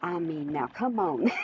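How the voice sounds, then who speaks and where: A woman's voice: lowish voice, highs cut off, a little hiss or hum. A woman hosting an opinion commentary vlog, chatty and teasing, often laughing. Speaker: host.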